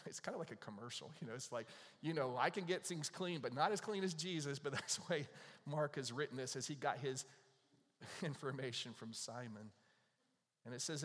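A man's voice: medium pitch, fairly bright tone. Man, pastor, casual sermon delivery, scripture in plain talk, long hall reverb. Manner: conversational preaching, paraphrasing scripture in everyday voices.

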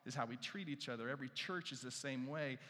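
A male pastor preaching a sermon, animated, repeating key phrases and asking the crowd questions, dropping to hushed asides. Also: medium pitch, fast talker. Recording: long reverb from a large hall.

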